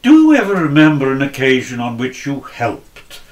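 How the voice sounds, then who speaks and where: A man voicing a calm guardian angel in a story told within a sermon, speaking in a gentle, measured way. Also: mid-range voice.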